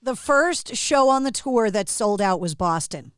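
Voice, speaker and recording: High-voiced woman podcast host, dry studio. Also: lively intonation, a little slow, clear, resonant tone, no room sound. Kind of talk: radio-style interview. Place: her radio studio.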